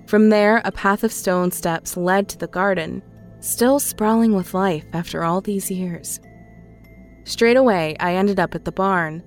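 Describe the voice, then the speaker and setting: A woman reads a scary story in a calm, measured voice. Her pitch sits on the low side. Faint music plays beneath her narration. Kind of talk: scripted horror narration.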